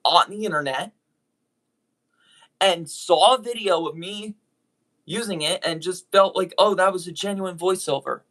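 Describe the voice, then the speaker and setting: In his apology video, a YouTube voice actor speaks to his audience with earnest, broken-up phrasing, often beginning sentences again while apologizing. He has a sharp-toned, mid-range voice.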